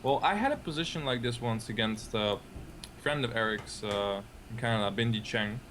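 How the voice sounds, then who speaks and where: A chatty man gives casual chess commentary, hedging and letting sentences trail off. His voice sits at an ordinary middle pitch. A clear hiss of background noise runs under him throughout. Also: moderate pace, fairly bright tone. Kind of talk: casual live-stream commentary.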